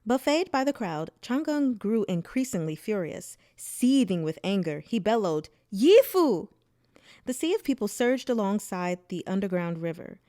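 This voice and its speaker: A woman reading a novel aloud as narrator, in a plain, steady storytelling manner. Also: mid-range voice, normal speed, few pauses, no room sound, clean studio sound. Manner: plain steady narration, voices dialogue briefly. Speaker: audiobook reader.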